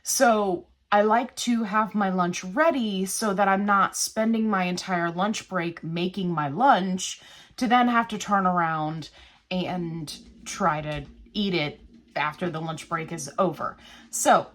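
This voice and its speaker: A woman vlogger chatting casually at home, retelling a story in a rambling, animated way. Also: lowish voice, slow pace. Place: small old house, cooking at home.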